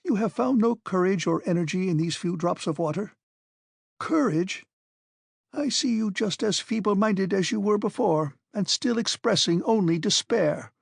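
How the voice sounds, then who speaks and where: A man's voice: high-pitched, animated, moderate pace, gravelly, no room sound, clean studio sound, voice pushed up, heavily acted. A man voicing a stern, obstinate old professor. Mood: scornful. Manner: forceful, commanding, scornful. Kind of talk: audiobook character reading.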